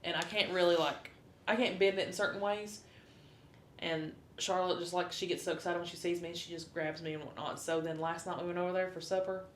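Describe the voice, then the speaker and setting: Casting: woman podcast co-host, slightly low voice, relaxed chatter, echoey room with faint rumble. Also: brisk. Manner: chatty, storytelling with laughs. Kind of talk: casual chat.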